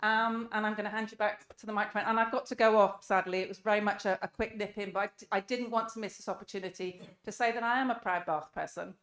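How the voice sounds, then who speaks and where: A woman's voice: mid-range voice, fairly even intonation, fast talker, hardly any pauses, fairly bright tone. Earnest woman giving a speech. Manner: rhetorical questions, emphatic and earnest. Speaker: speaker at a public debate. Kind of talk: impassioned public speech. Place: live event in a room.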